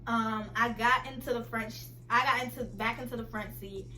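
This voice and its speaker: A young woman vlogger telling a casual storytime to her viewers, chatty and animated and often laughing. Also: on the high side, brisk, slight background noise, poor audio.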